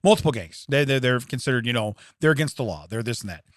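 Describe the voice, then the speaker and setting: A man's voice: medium pitch, animated, no echo, clean studio sound. A man co-hosting a comedy podcast, chatting casually, laughing often and riffing on the topic. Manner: laughs often, riffs with quick put-on voices. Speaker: podcast co-host.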